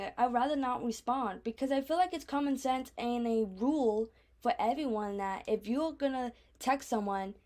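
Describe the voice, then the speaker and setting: A woman's voice: on the high side, darkish tone. A woman in her twenties hosting a casual solo podcast, rambling along with plenty of fillers. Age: 20s. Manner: rambling, filler-heavy, chatty. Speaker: podcast host.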